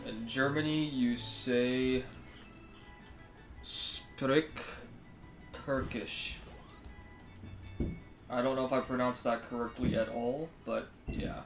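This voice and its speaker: A man's voice: medium pitch, steady tone, normal speed, few pauses. A man with a Canadian accent, chatting casually on a live stream and answering his viewers in a friendly, easygoing way. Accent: Canadian English. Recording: roomy sound with faint music.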